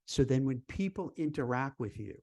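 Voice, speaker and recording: A man, a recruiter and career coach, giving casual job-interview advice in a chatty, animated way, full of "you know" and "like". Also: medium pitch, normal speed, dry recording. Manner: conversational, lots of fillers like "you know" and "like"; animated, acts out quoted voices. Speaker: recruiter and career coach hosting a live stream.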